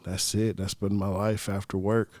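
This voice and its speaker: Hosting his solo podcast, a young man rambles loosely and offhandedly through profane stories. He speaks at normal speed in a deep, flat, darkish voice, with no room sound.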